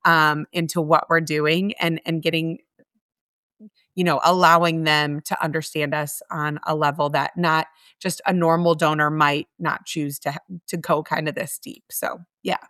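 A middle-aged woman speaks earnestly and from the heart, often circling back and restarting her thoughts. Her voice is smooth and clear, a little low for a woman. It is recorded close and dry, with no room sound. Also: flat delivery, normal speed, sharp tone, no room sound. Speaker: guest, homeless mission staff. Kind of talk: conversational interview.

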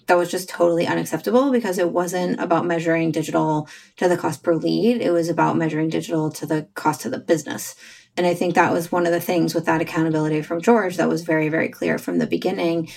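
Middle-aged woman host, low pitch, vocal fry, conversational and chatty. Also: fast talker, a little mellow. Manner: chatty, agreeable, adds asides. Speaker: podcast host. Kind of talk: casual podcast interview.

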